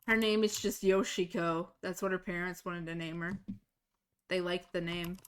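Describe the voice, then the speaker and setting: A woman's voice: on the low side, level tone, normal speed, clear, resonant tone. A woman streaming a game live, telling stories in casual chat, blunt and swearing freely. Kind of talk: casual chat while gaming.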